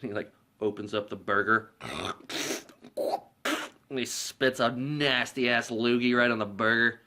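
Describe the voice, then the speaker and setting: A man with a bright, sharp voice recaps a movie in a casual, rambling way. He swears freely and fills his talk with "like" and "uh". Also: mid-range voice, steady tone, a little slow. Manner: rambling and profane, with filler words. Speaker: movie reviewer.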